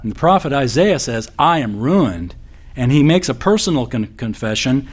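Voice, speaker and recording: A man's voice: medium pitch, big pitch swings, moderate pace, slightly rough. Male pastor, sermon, chatty and folksy, corny humor, mid-range voice. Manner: conversational, folksy with corny jokes.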